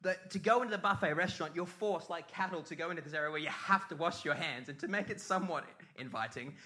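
A man's voice: a little high, fast talker, sharp tone. A middle-aged man preaching a sermon as pastor, telling a comic story with sung mimicry and put-on voices.

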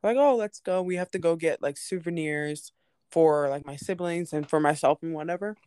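A woman's voice: low-pitched, normal speed, mellow, smooth, dry recording, clean studio sound. A young woman telling a story in casual chat, laughing often and acting out the people she quotes. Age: young adult.

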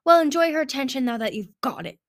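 A woman's voice: medium pitch, brisk, natural voice. A woman reading a storybook aloud, voicing a bitter, scowling older female seer dragon in a cold, snarling way. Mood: scornful.

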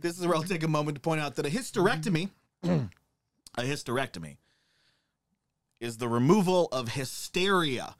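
A man's voice: a little high, expressive, normal speed, pauses often. A man co-hosting a true-crime podcast, chatting casually and ranting in a profane, opinionated way. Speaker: podcast co-host.

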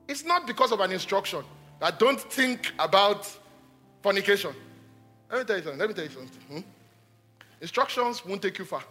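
A man preaching a sermon, emphatic and repetitive, swinging between loud exhortation and hushed asides. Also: sits high, expressive, brisk, long pauses, soft background music.

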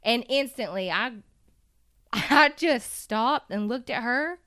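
Woman, storyteller in casual chat; candid, emotional, swears; smooth, resonant voice, dry sound. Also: fairly high pitch, lively intonation, slow pace, sharp tone, dry recording. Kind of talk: personal storytelling in casual conversation.

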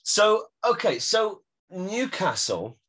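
A man's voice: sits high, very animated, slow pace, fairly bright tone. A man, co-hosting a music podcast in casual chat, explaining things with lots of restarts. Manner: chatty, explanatory, with many restarts. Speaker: podcast co-host.

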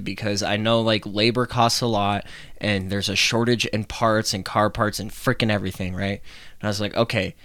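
Chatty, rambling young man, low and dry. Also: sharp tone, no room sound. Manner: rambling, chatty, swears casually. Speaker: podcast host. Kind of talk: casual solo podcast talk.

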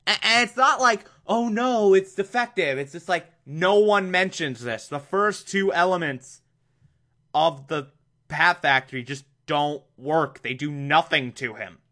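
A man recapping an episode with heavy sarcasm, often bursting into exasperated rants. His voice sits a little high with a bright, forceful ring. He talks at an unhurried, drawn-out pace. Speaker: show recap host.

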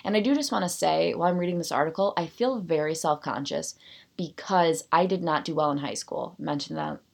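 A woman's voice: low-pitched, gravelly. A woman hosting a solo podcast, reading an article aloud and breaking off into self-deprecating, rambling asides. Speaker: podcast host.

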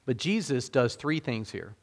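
A man preaching a sermon in a relaxed, conversational way, with frequent fillers and restarts. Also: medium pitch, a little slow, gravelly. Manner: conversational, self-deprecating, many fillers and restarts. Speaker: pastor.

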